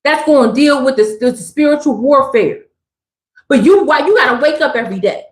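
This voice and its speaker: A woman giving a spiritual message on a live stream, talking in an animated, emphatic, slangy and preachy way. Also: high-pitched, moderate pace. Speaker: spiritual reader. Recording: roomy echo.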